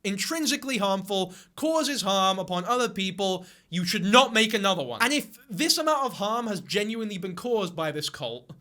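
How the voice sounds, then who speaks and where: A man's voice: high voice, lively intonation, normal speed, hardly any pauses, pushed and bright. A man doing reaction commentary, sarcastic and exasperated, swearing often. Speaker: commentary YouTuber.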